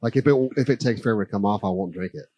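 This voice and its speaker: A man's voice: lowish voice, rapid-fire, mellow, dry recording. A man with a stuffy nose, chatting casually as a podcast guest in a bar, rambling and laughing and slipping into impressions. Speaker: guest musician. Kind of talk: casual chat.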